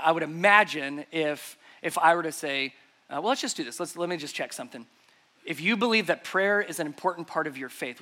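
A man's voice: high-pitched, bright, forceful tone. A man preaching a sermon to a congregation in an emphatic, conversational way. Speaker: pastor. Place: church service before a congregation.

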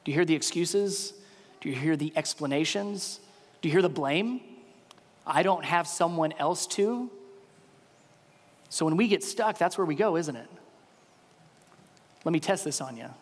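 A man preaching a sermon to a room full of people, acting out their inner questions in lively put-on voices. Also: unhurried, long pauses, big-room sound. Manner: animated, acts out the congregation's inner voices with jumps in pitch. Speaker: pastor. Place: large room with an audience.

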